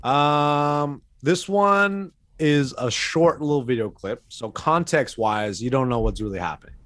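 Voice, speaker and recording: A man's voice: medium pitch, measured pace, a bit bright, dry recording, clean studio sound. A man co-hosting a casual fight-sports chat, walking listeners through a video clip step by step. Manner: step-by-step recounting, casual swearing. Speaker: podcast co-host.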